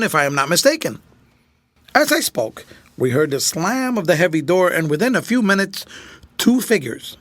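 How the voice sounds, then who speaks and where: An audiobook narrator, a man, reads a classic mystery novel in a higher, animated voice full of rises and falls. The sound is close and dry, without any room echo.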